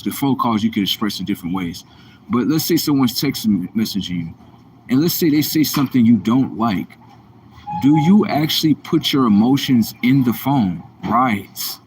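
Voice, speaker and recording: A man's voice: medium pitch, a little hiss or hum. A man hosting a live stream, talking to himself in a rambling, repetitive way with casual slang. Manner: animated, repetitive self-talk with slang. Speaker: livestream host.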